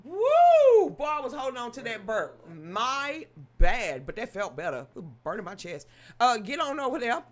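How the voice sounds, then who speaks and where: Animated woman hosting a casual livestream. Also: a little high, moderate pace. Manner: animated, joking, laughing asides. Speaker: livestream host.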